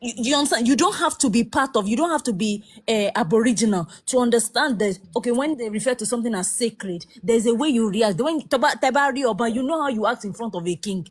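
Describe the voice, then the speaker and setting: A woman speaks as a guest in a casual discussion. Her voice sits somewhat high, and she presses her points with emphasis. The recording is dry and close, with no room sound. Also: animated, fast, hardly any pauses, slightly rough, no room sound.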